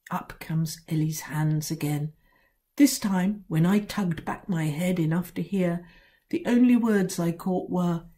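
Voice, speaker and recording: A woman author reading her own children's book aloud in a wry, sly first-person storytelling voice with dramatic pauses. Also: fairly low pitch, mellow.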